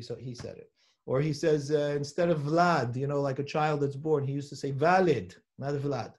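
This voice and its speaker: A man with a high-pitched voice gives a live Torah class in a study hall. He reads Hebrew passages aloud, then explains them in plain talk. He stops now and then to put questions to his students. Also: a little mellow. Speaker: rabbi teaching a class.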